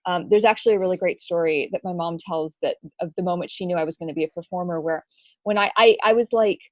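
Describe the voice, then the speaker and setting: A woman's voice: on the low side, fast talker, no echo, highs cut off. A young adult woman from Los Angeles, a stage performer telling stories as a podcast guest. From Los Angeles, California. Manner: animated, chatty storyteller. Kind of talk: podcast interview.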